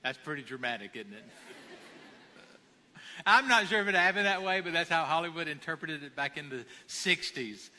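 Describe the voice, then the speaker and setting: A man's voice: fairly high pitch, expressive, normal speed, sharp tone, big-room sound. A man preaching a conversational sermon, acting out quoted lines as he goes.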